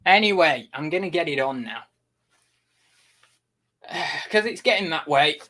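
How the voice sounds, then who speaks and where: A man's voice: fairly high pitch, animated, a little slow, sharp tone. A young man chatting casually on a livestream, rambling with many restarts and getting exasperated with his chat.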